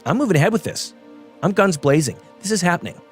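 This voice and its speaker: A middle-aged man hosting a show, delivering a self-absorbed comedic monologue that builds into excited outbursts. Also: high-pitched, fast talker, faint music behind. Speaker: podcast host.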